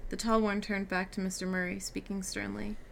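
A woman's voice: medium pitch, flat delivery, fairly quick, vocal fry, a little hiss or hum. A woman reading a novel aloud, giving the characters' lines light shifts. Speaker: reader. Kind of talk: audiobook reading with character dialogue.

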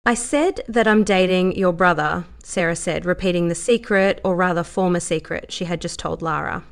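A woman narrating an audiobook in a steady, measured way. Her voice sits fairly low for a woman.

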